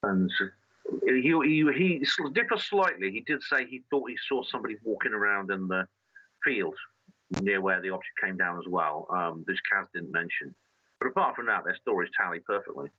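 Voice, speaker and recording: A man's voice: on the low side, expressive, no echo, muffled recording. A man talking as a guest on an interview show, telling his story earnestly and often restarting his sentences. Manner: earnest, halting with frequent restarts. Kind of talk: conversational storytelling.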